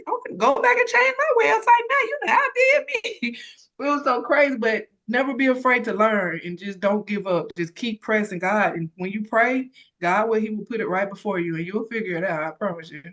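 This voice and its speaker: A woman telling an emotional personal story about starting her business, animated and close to tears. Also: on the low side. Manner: animated storytelling, acts out others' voices. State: tearful. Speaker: credit repair consultant sharing her story.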